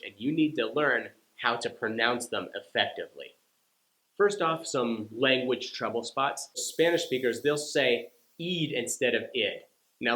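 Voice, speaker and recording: A man teaching English pronunciation, speaking slowly and deliberately and carefully sounding out example words for learners. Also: mid-range voice, bright, forceful tone. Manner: slow, deliberate, over-articulated demonstrations. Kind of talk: scripted lesson to camera. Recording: roomy echo.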